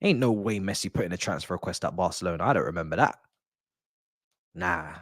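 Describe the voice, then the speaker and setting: A young man chatting casually on a football watch-along stream, joking and laughing in slang and erupting loudly at near-misses. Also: deep voice, expressive, brisk, no room sound, clean studio sound. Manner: laughing, nostalgic banter with slang, loud bursts at near-misses.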